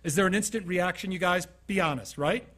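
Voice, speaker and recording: High-voiced man giving a motivational talk. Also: brisk, a bit bright. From Utah. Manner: conversational storytelling, asks the audience questions, acts out scenes. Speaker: keynote speaker. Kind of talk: motivational talk to a live audience.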